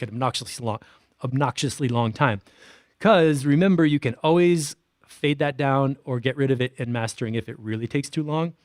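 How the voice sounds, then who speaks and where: Relaxed man giving casual music feedback. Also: mid-range voice, no echo, clean studio sound. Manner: rambling and informal, scats rhythms aloud. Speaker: livestream host reviewing music tracks.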